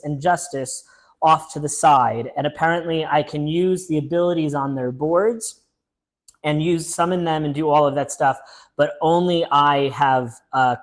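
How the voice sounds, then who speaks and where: A man hosting a casual solo board game playthrough, chatting upbeat as he thinks aloud and reads the story text. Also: on the high side. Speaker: board game channel host.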